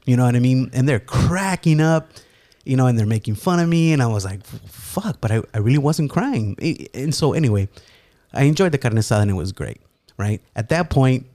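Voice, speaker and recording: A man casually telling a story, animated and profane, with lots of fillers. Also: mid-range voice, a little fast, no echo. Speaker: storyteller guest. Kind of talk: casual chat, anecdote.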